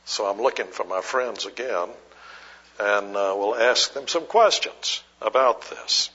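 A man preaching a sermon slowly and deliberately, posing rhetorical questions and answering them himself. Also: on the low side, sharp tone, breathy edge. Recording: muffled lo-fi sermon recording.

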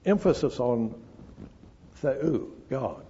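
Slow, emphatic older male preacher. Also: mid-range voice, expressive, mellow, husky. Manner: slow, emphatic, stresses scripture word by word. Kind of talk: expository sermon. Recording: dull lo-fi recording.

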